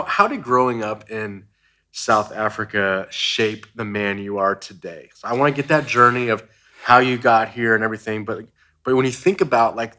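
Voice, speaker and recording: A man's voice: medium pitch, sharp tone. A man hosting a casual interview, encouraging his guest with short affirmations. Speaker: podcast host.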